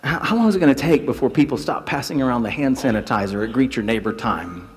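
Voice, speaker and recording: A man's voice: medium pitch, fast, in a large hall. A man preaching a sermon, telling stories and acting out quotes. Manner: animated storytelling with acted quotes. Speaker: pastor.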